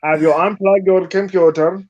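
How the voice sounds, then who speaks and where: A man's voice: high-pitched, fairly even intonation, moderate pace, darkish tone, dull audio, natural voice. A man putting on a fake Indian accent as a polite male customer service agent. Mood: chirpy. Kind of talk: joking put-on voice.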